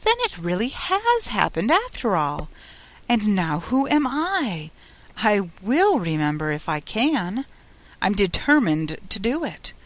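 A woman's voice: mid-range voice, sing-song, slow. A woman voicing a curious young girl who muses aloud and rambles in a storybook reading. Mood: musing. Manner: musing aloud, rambling, eager.

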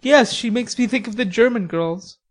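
A bashful teenage boy in a storybook reading, polite and a little formal, with a friendly, teasing edge, as a woman reader puts him on. His voice sits a touch higher than the narration and sounds a little set back from the mic. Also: moderate pace, natural voice. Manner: bashful, pleasant, slightly formal.

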